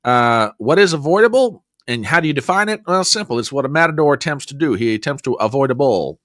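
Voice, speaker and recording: A man's voice: medium pitch, animated, fast talker, fairly bright tone, no room sound, clean studio sound. A man hosting a casual news commentary show, rambling with sarcastic, joking asides. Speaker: host.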